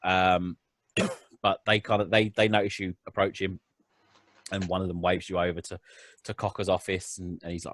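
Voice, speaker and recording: Low-voiced rambling game master. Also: male voice, moderate pace, no room sound. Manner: rambling, full of ums and restarts. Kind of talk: narrating a tabletop game.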